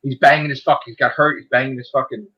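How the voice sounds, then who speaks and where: A man's voice: mid-range voice, flat delivery, fast talker, muffled recording. A man hosting a livestream, chatting casually and ranting heatedly with a lot of swearing. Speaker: livestream host. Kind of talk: casual profane chat.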